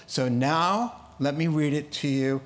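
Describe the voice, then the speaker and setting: A preacher with a slightly high voice delivers a relaxed expository sermon, lingering over each point. He animatedly acts out the biblical characters in their own voices, then steps back to comment with quick asides and laughs.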